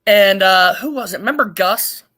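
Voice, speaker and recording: Woman, middle-aged, podcast guest, blunt swearing storyteller, mid-pitched voice. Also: moderate pace. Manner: blunt and profane, animated anecdote-telling. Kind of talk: casual storytelling.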